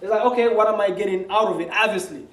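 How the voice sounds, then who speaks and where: A man's voice: high voice, rapid-fire, fairly bright tone, echoey room, low-quality recording. A man co-hosting a casual real estate video, talking energetically and calling the viewers guys. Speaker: real estate investor and channel co-host. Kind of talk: casual co-hosted video talk.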